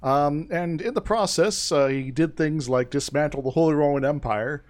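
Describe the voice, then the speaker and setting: A man's voice: a little high, moderate pace. Rambling man in casual chat. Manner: rambling, full of fillers and restarts.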